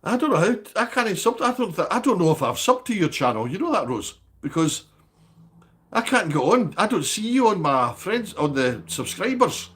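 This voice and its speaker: A man's voice: sits high, sing-song, moderate pace, a bit bright, slightly rough. A man hosting a live stream, chatting casually and bantering with viewers by name. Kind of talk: casual livestream chat reading viewer comments.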